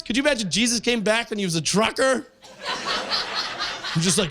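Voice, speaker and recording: A man from Canada doing stand-up comedy, telling a story with lively jumps into other people's voices. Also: high-pitched, moderate pace. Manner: animated storytelling, jumping into voices. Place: stage in front of a live audience.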